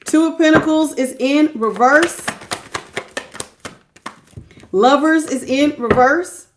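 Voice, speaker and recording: High-voiced chatty woman tarot reader. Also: slow pace, slight background noise. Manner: chatty, greets viewers by name, laughs often; casual, folksy talk. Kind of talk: live-stream tarot reading.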